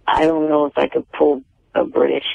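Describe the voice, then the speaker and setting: A man's voice: a little high, moderate pace, vocal fry, no echo. A man calling in to a radio show as an actor, stubborn and curt, heard over a dry phone line. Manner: stubborn, flat refusals. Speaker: caller, actor.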